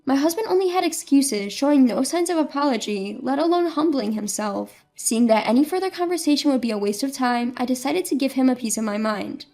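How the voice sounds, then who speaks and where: A woman narrating a first-person story in a steady, matter-of-fact way. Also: sits high, fairly quick, few pauses, faint music behind.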